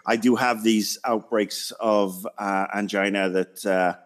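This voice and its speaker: A man's voice: lowish voice, fairly even intonation, a little slow. Rambling man, podcast co-host. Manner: rambling, hesitant, self-deprecating. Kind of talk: casual podcast chat.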